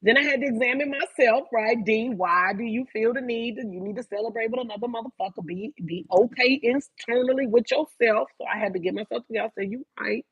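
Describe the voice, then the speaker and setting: A woman ranting on a live stream, profane, animated and emphatic. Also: a little high, quick pace, few pauses, husky, no echo, dull audio. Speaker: vlogger.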